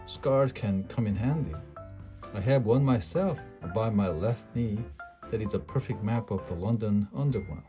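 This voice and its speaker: Man doing a calm, wry old wizard. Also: lowish voice, moderate pace, soft background music, natural voice.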